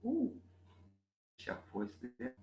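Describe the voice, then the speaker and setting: A man from Zambia, teaching a German class in an animated way and repeating key phrases. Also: medium pitch, very slow. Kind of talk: online class lecture. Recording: echoey room with faint noise.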